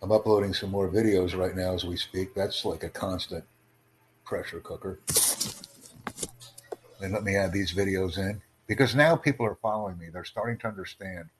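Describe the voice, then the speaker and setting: A man calmly chatting on a live stream, smooth and promotional, unbothered by pushback. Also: low voice, normal speed, slight background noise, low-quality recording. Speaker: streamer recording a voice chat. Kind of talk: casual live-stream chat.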